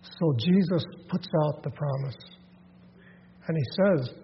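A man with a fairly high voice preaching a sermon in a church hall, telling scenes with lively voiced asides and frequent restarts. The sound is dull and lo-fi, with a long reverb trailing each phrase and a faint hiss underneath. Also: vocal fry. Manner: animated retelling with quick voiced asides and many restarts. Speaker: pastor.

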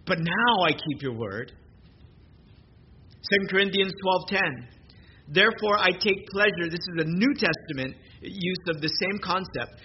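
High-voiced man preaching a sermon. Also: animated, a little slow. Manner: earnest, with frequent repeated words and restarts. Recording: muffled lo-fi sermon recording with background noise.

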